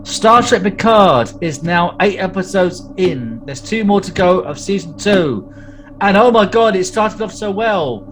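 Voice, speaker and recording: A man hosts a casual podcast, wandering through details with lots of ums and restarts. His voice sits a little high for a man. Steady background noise runs under his voice. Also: measured pace, poor audio. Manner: rambling, full of fillers and detail. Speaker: podcast host. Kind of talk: casual chat.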